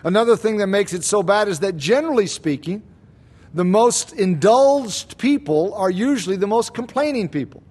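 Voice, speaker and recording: A man with a high voice preaches a sermon to his congregation. He teaches in a measured, deliberate way and draws out key words for emphasis. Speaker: pastor.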